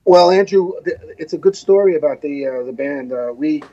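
A man's voice: a little high, moderate pace, mellow, lo-fi sound. An American man telling a long story as an interview guest, rambling with many restarts and asides. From United States. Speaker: guest musician.

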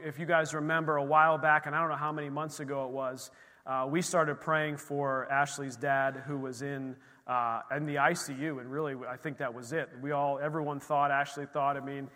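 Male pastor, slightly high, bright and emphatic, losing his voice, long church reverb. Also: little pitch movement, brisk. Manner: emphatic, exclaiming praise, frequent amens. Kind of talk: sermon. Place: church sanctuary.

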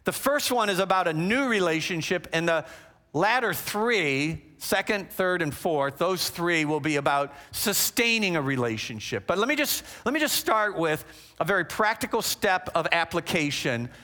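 Speaking at a normal speed in a high-pitched voice, this man delivers an animated, conversational lesson on relationships, regularly breaking off for remarks to the audience.

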